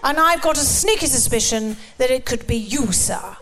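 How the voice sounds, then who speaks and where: A woman's voice: sits high, lively intonation, normal speed, fairly bright tone, a little hiss or hum. A woman hosting a live stage show, chatty, bubbly and bossy as she organises volunteers. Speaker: show host. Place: live venue in front of an audience.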